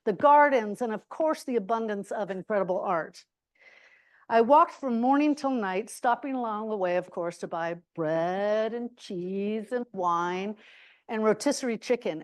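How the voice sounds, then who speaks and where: A woman giving a reflective, expressive talk at a university forum, telling her stories with lively emphasis and occasional exclamations. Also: mid-range voice. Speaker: guest speaker.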